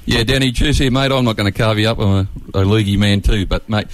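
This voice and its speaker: Quick, low co-host. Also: male voice. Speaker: radio co-host. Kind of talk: radio interview.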